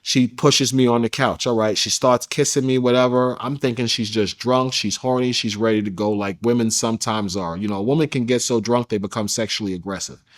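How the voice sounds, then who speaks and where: A man's voice: medium pitch, steady tone, brisk, hardly any pauses. Male interview guest with a mid-range voice who tells his story casually, with emphatic slang. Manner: emphatic, slangy, addresses listener as bro.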